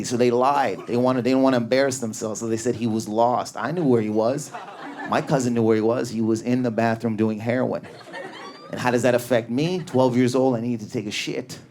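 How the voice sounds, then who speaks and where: On a club stage, a male stand-up comedian performs with raging energy, frequently yelling as his pitch shoots upward.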